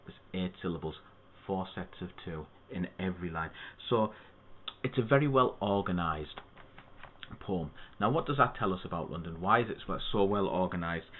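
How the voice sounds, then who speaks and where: Speaking at a moderate pace in a slightly low voice, an English literature tutor walks students through a poem methodically, pausing now and then for asides. The audio is thin and tinny, like a phone line, with slight background noise.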